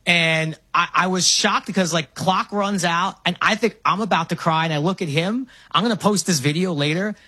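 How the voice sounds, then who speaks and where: A man's voice: high voice, moderate pace, hardly any pauses, husky, no echo. A man in his forties from Brooklyn with a New York accent, chatting about sports and telling stories with lots of restarts. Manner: animated storyteller, many restarts. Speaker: guest. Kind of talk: casual sports talk.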